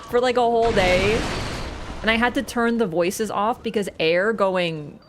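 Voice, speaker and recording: A young woman streamer giving chatty, excitable gameplay commentary, swearing and laughing often. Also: mid-range voice, normal speed, over music.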